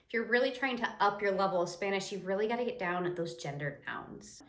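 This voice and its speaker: A young woman teaches in a casual, lively way, chatting to her viewers. Her voice sits at a middle pitch. The room around her adds a clear echo. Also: fast. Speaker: Spanish teacher. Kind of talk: casual explanatory lesson. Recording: echoey room.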